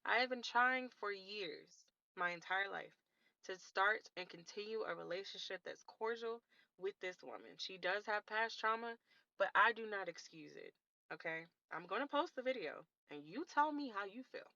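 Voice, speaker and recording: A woman's voice: medium pitch, expressive, moderate pace, sharp tone, dry recording, highs cut off. Indignant woman telling a family story. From Washington DC area. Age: late 20s. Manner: emphatic and indignant, addresses viewers directly. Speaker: vlogger. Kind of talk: storytime vlog, talking to viewers.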